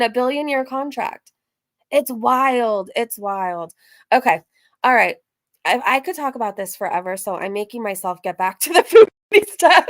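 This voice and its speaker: A woman live-streaming in a casual, chatty way, animated, with frequent laughs and "like" fillers. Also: on the high side, moderate pace, no room sound. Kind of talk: casual chat.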